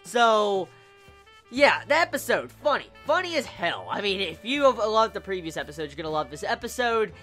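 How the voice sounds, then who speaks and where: An anime reviewer talking in a casual, excitable way and swearing freely. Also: medium pitch, moderate pace, soft background music.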